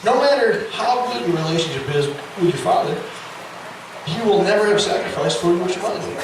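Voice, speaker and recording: A middle-aged man doing stand-up storytelling, animated and profane, with loud yelling bursts. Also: high-pitched, fairly quick, noisy background. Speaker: stand-up comedian. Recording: echoey club, distant mic, audience. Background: audience laughter.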